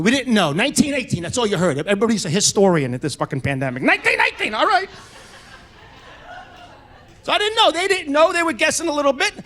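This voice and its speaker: Brash high-voiced stand-up comic man. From United States. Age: middle-aged. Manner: brash, profane storytelling, shouting punchlines. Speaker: stand-up comedian. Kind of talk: stand-up comedy set. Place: comedy club stage.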